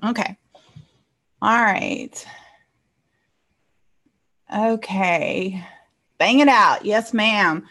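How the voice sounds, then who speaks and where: A woman life coach teaching a casual online class over a computer mic, chatty and quick to laugh, tagging her points with "okay?". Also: mid-range voice, sharp tone. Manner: chatty, tags nearly every point with "okay?", laughs easily.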